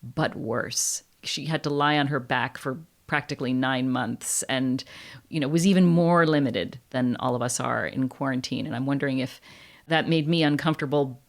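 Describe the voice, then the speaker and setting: A woman's voice: rumbling low, moderate pace. A woman co-hosting a book podcast in casual chat, thoughtful and reflective. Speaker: podcast co-host.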